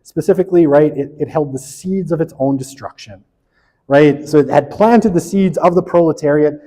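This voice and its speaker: A man's voice: fairly high pitch, moderate pace, mellow. Chatty male lecturer in an echoing hall. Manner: chatty, frequent "right?" tag questions, self-deprecating asides. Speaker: sociology lecturer. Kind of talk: casual university lecture.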